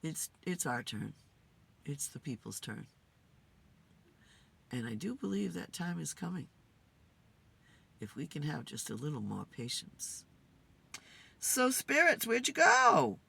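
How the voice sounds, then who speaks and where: A woman host talking to spirits in a casual, musing way, tired and low on energy. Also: lively intonation, measured pace, vocal fry, long pauses, slight background noise. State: tired, yawning. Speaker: spirit communicator and channel host. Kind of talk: casual spirit session monologue. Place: in a car.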